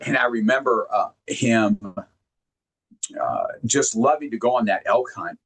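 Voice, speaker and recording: A man giving a heartfelt motivational talk, sharing personal stories earnestly and emphatically, often halting and repeating words when moved. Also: medium pitch, fairly bright tone, slightly rough. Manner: emphatic, directly addresses listeners. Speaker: motivational speaker.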